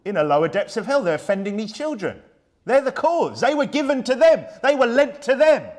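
A man's voice: high-pitched, big pitch swings, brisk, darkish tone. A man preaching a sermon in a church, emphatic and fiery, firing off rhetorical questions.

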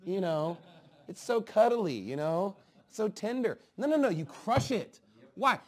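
Fiery preacher man with a lively voice. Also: a little slow. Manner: emphatic preaching that swings from low asides to loud outbursts. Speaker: pastor. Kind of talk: fiery sermon.

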